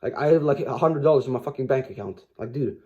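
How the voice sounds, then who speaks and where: A man's voice: mid-range voice, fast, mellow, highs cut off. A man giving a rambling, profane motivational monologue to camera, with many restarts and fillers. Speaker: motivational vlogger.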